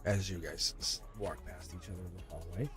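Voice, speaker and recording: A man's voice: sits low, fairly even intonation, fairly quick, faint music behind. A man giving a livestream tarot reading, rambling and playful, chuckling often and talking straight to his chat. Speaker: tarot reader.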